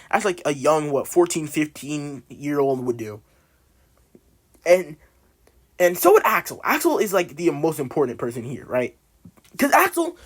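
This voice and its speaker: A man's voice: fairly high pitch, husky. A young man telling a story from school in a casual, slangy way, full of fillers.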